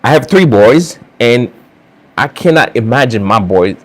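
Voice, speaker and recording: A man with an accent hosting his own casual opinion vlog, talking straight to his viewers in halting bursts with many restarts and fillers. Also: mid-range voice, lively intonation. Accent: non-native English accent. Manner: earnest, talks straight to viewers. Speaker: channel host.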